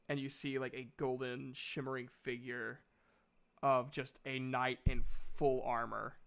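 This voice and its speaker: A man narrating a tabletop game as game master in a relaxed, chatty way. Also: medium pitch, slow pace, clear, resonant tone.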